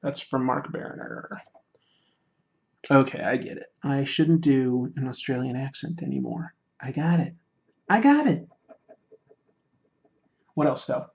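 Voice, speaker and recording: Male stream host, casual and jokey, reads chat aloud; mid-pitched, dull mic. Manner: reads chat aloud, self-deprecating and joking. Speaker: livestream host. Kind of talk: casual livestream chat while drawing.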